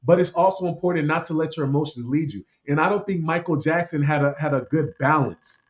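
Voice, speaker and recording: Preachy man with a higher voice, lo-fi. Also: fairly quick. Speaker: podcast host. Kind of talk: opinionated casual commentary.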